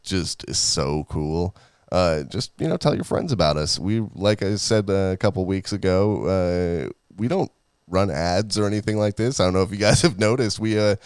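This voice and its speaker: A man's voice: low-pitched, expressive, fairly quick, a little mellow, clear, resonant tone, no echo, studio quality. A man co-hosting a podcast in casual chat, rambling, laughing often and swearing freely. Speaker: podcast co-host.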